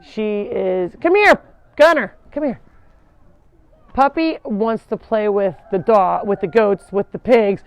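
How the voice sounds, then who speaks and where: A woman's voice: mid-range voice, slow, a little mellow, smooth. A woman hosting a casual live tour of an animal sanctuary, chatting and breaking off to call animals over. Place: outdoors at a farm.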